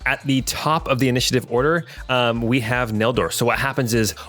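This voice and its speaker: A man's voice: medium pitch, fairly even intonation, brisk, fairly bright tone. A man narrating as game master of a tabletop adventure, describing scenes with frequent hesitations and fillers.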